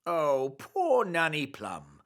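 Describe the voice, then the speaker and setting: A fussy fairy king blusters through his lines with big theatrical swoops. His delivery is very slow, and his tone is bright with a crackly edge. Soft music sits behind him in this cartoon. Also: fairly high pitch, huge pitch swings, heavily acted. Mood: jolly. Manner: flustered, theatrical exclamations. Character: fussy middle-aged male fairy king. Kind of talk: cartoon voice acting.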